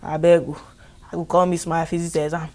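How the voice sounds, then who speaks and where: A woman puts on timid teenage students who beg anxiously in a Nigerian Pidgin accent. They talk in a somewhat low, loud voice. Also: flat delivery, a little fast, natural voice. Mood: pleading. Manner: begging, anxious.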